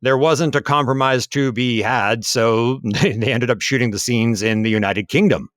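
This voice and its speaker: A man co-hosting a history podcast, talking in a relaxed, musing way with frequent fillers. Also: medium pitch, normal speed, dry recording, studio quality. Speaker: podcast co-host. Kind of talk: casual history podcast chat. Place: lives in Taiwan.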